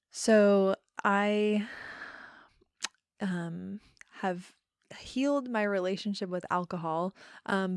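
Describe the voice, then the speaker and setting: A young woman in her twenties telling a personal story in a casual interview, soft-spoken with many pauses and ums. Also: mid-range voice, creaky, clear, resonant tone, no echo, clean studio sound. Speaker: podcast guest.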